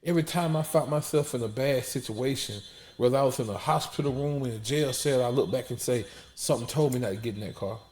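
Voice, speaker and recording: A man's voice: medium pitch, quick pace, hardly any pauses, darkish tone. A man, testifying in an emphatic preaching style that repeats words and drops almost to a whisper when emotional. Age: 40s.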